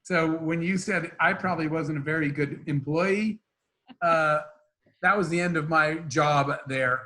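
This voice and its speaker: Man, raised voice, entrepreneur guest; spins animated anecdotes, acts out dialogue. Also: on the high side, a little slow. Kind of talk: storytelling interview talk.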